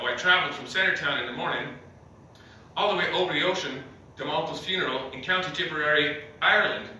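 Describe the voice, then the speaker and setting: A man from Ottawa doing a stand-up comedy set in a comedy club, rambling through deadpan jokes with lots of fillers and chuckles. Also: medium pitch, a little hiss or hum. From Ottawa, Canada. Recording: echoey club heard from a distance.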